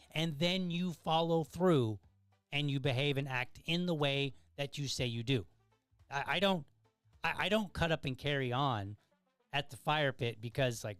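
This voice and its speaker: A man delivers opinion commentary in an emphatic, lecturing tone and fires off exasperated rhetorical questions. His voice sits a little high for a man. The sound is dry and close, with faint music underneath. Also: moderate pace, fairly bright tone, clear, resonant tone, no echo. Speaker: podcast host.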